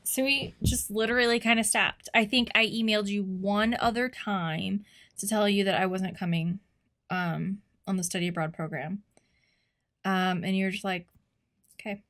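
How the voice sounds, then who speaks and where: On a podcast she co-hosts, a woman in her thirties tells a personal story in casual conversation, using a mid-range voice at a moderate pace. She's animated and acts out the lines people said.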